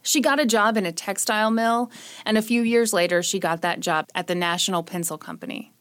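A woman's voice: medium pitch, brisk, fairly bright tone, clear, resonant tone. A young woman hosting a podcast, telling a true-crime story in a casual, sarcastic way. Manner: sarcastic, joking. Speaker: podcast host.

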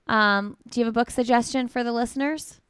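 Smooth-voiced female podcast host. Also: fairly high pitch, steady tone, fairly quick, fairly bright tone, no room sound, studio quality. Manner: conversational, affirming. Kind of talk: casual interview chat.

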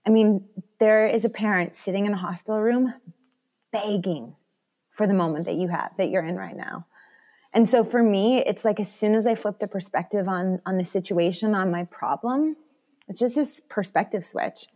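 A woman in her thirties, a podcast guest, chatting casually and acting out her own thoughts in animated asides. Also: medium pitch, moderate pace. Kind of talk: casual interview chat.

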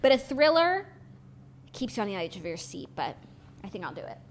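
Fast, rambling young woman co-host. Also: medium pitch, slight background noise. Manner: animated, rambling, swears casually. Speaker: podcast co-host. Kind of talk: casual chat.

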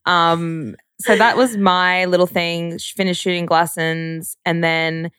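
A woman's voice: fairly low pitch, little pitch movement, takes it slowly, a bit bright, smooth, dry recording, studio quality. A young woman co-hosting a podcast in casual chat, talkative and laughing easily, with a casual swear now and then. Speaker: podcast co-host.

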